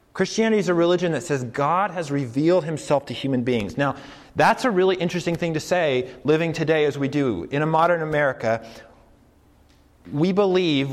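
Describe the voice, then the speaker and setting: A man preaching a sermon in a conversational, earnest way, slowing down to stress key points. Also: medium pitch. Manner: conversational, earnest, slows down for emphasis. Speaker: campus preacher. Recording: long hall reverb.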